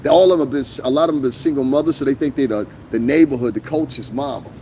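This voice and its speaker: A man's voice: mid-range voice, rapid-fire, warm tone, slight background noise. A man ranting on a live stream, blunt and profane, repeating his points for emphasis. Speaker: YouTube streamer. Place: outdoors on a lawn.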